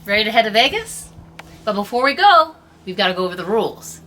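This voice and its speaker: An upbeat woman instructor talks straight to the viewer, her pitch swinging widely. Her voice is bright and forward. The recording has a roomy echo. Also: fast, a little hiss or hum. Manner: upbeat, animated, addresses viewer directly. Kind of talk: instructional presentation.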